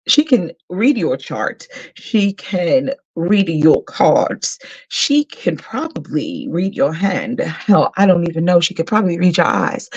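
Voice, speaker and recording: A woman's voice: lowish voice, highs cut off. A woman hosting a casual live stream, hyping up her guest and repeating her points for emphasis. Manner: hype, warm-up, repeats herself for emphasis. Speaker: host.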